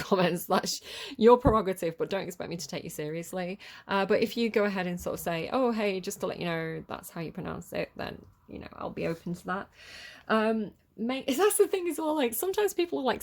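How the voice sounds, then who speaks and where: A woman in her thirties talks through a tarot reading in a loose, rambling way, laughing often between thoughts. Her voice sits at an ordinary middle pitch. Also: gravelly. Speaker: tarot reader.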